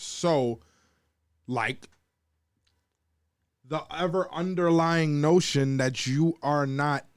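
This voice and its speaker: A man on a podcast rants hotly and swears freely, voicing the people in his stories. His voice sits on the higher side for a man. The sound is dry and close to the mic. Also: dry recording. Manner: heated, profane ranting with mocking quoted voices. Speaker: podcast co-host. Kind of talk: casual debate and storytelling.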